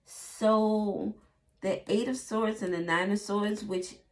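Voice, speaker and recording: A woman's voice: mid-range voice, fairly even intonation, takes it slowly. A woman giving a casual tarot reading, chatty and acting out little quotes in playful voices. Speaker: tarot reader.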